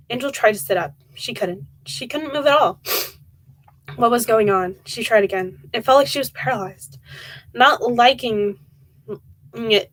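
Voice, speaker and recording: A young woman reading a horror book aloud on a live stream, softly and with feeling, often stumbling and restarting words. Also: medium pitch, no room sound, poor audio. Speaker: reader of horror books.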